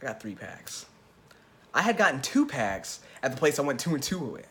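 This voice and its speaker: A young man telling a story in a casual vlog, stammering through restarts and poking fun at himself, swinging between loud bursts and hushed asides. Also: medium pitch, sing-song, moderate pace. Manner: stammering restarts, self-mocking boasts. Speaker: vlogger telling a Magic card game story.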